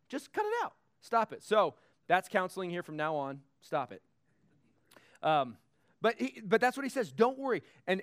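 A man preaching a conversational sermon, joking and reading scripture aloud. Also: on the high side. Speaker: pastor.

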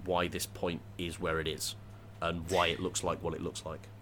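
A man in casual discussion, thinking aloud with many pauses, fillers and restarts. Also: deep voice, level tone, a bit bright, a little hiss or hum.

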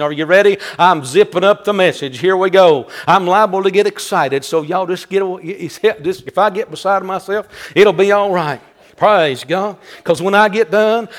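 A pastor in his sixties delivers a sermon in a high, ringing voice. He drives his points home with emphatic repetition and swells into fervent cries. The preaching never settles into a flat, even tone. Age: 60s.

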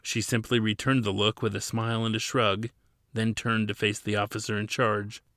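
A man narrating an audiobook with dramatic storytelling. His lowish voice has a gravelly, bright edge. It is recorded close and dry. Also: level tone, moderate pace, no echo. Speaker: narrator and author.

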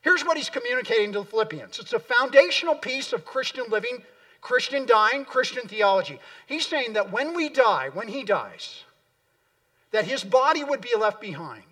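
A man's voice: extremely high pitch, expressive, moderate pace, sharp tone, recorded from a distance. A middle-aged man preaching a sermon in a church, earnest and emphatic, often repeating words for weight. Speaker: pastor. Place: church sanctuary.

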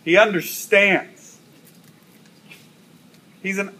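Bright-voiced man preaching with emphatic repetition. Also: a little high, steady tone, a little slow. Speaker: pastor. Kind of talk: sermon.

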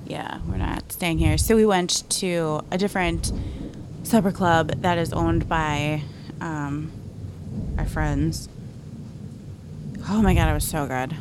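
Lady with a lower voice rambling through a story casually, little background hiss. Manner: chatty, animated storytelling with quick asides.

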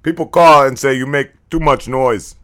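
A man's voice: medium pitch, moderate pace, noisy background, natural voice. A man voicing a dim, hairy male ape police officer who speaks in caveman broken English. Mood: dim-witted.

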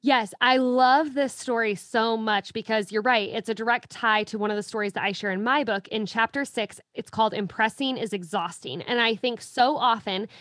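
Earnest woman author, bright dry voice. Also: a little high, no echo. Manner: earnest, affirming, slows to stress points. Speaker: author guest. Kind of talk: faith-based reflective talk.

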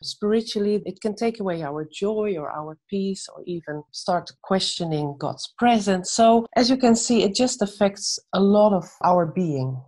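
A woman giving gentle, measured answers in a faith-based conversation and telling a short story. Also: medium pitch, expressive. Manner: gentle, measured, tells stories. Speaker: guest speaker on faith and anxiety.

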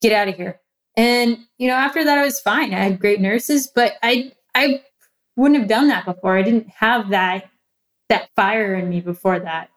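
A woman's voice: a little high, moderate pace. A young adult woman, a guest in a casual interview, telling a personal story candidly and with animation, often laughing.

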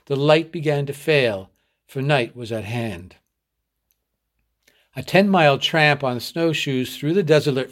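A man from a readers' theatre reading a short story aloud in a measured storytelling voice. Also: medium pitch.

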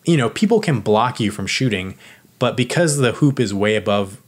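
Rambling low-voiced man explaining football. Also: expressive, normal speed. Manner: rambling, lots of "like" and restarts. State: out of breath. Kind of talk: casual chat.

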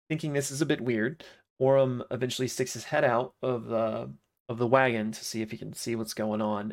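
A man's voice: medium pitch, vocal fry. A man retelling the events of a game episode in a loose, casual chat, full of fillers like "you know" and "like". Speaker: podcast host recapping an episode.

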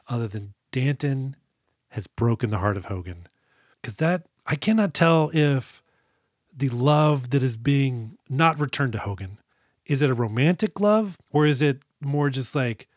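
A man's voice: medium pitch, dry recording, studio quality. A man co-hosting a podcast, chatting casually and joking about a movie, often laughing mid-sentence. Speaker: podcast co-host. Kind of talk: casual comedic movie chat.

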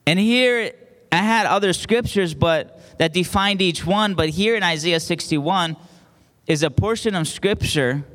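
A man's voice: sits high, unhurried, fairly bright tone. A male pastor preaching a sermon with call-and-response, building emphasis as he goes. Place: church sanctuary. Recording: long hall reverb.

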